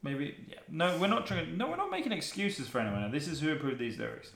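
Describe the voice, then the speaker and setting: A man's voice: on the high side, fast, vocal fry, reverberant. A man co-hosting a casual chat, reacting to song lyrics with a lot of swearing and mock-dramatic readings. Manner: animated, swearing, reads lyrics aloud in mock-dramatic tones. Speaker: podcast co-host.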